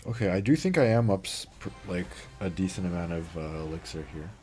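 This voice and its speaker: A man's voice: deep voice, expressive, a little fast, a little mellow, soft background music. A young man livestreaming a mobile game, chatting casually, reading chat and reacting to plays.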